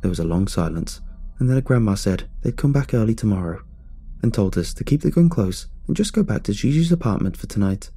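A man tells a scripted horror story in a measured, suspenseful manner. His voice is lowish, dark and a little husky. Quiet music plays underneath. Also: animated. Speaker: narrator.

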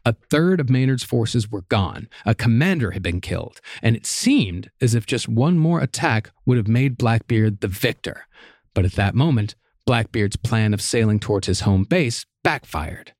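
A man hosting a podcast, telling a history story in steady narration with casual asides. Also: medium pitch, normal speed, no room sound, studio quality. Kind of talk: storytelling from notes.

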